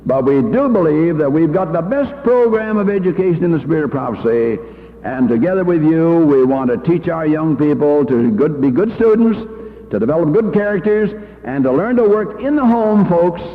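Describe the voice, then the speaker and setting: A man's voice: a little high, animated, normal speed. Older man, folksy anecdotal talk, tinny old tape, long hall echo. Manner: anecdotal, homespun, fillers. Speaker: church education leader.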